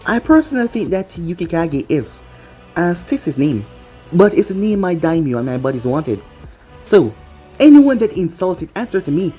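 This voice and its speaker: A reader voicing a brash, cocky young male ninja leader who talks loud and irreverent. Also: medium pitch, sing-song, moderate pace, husky, faint music behind.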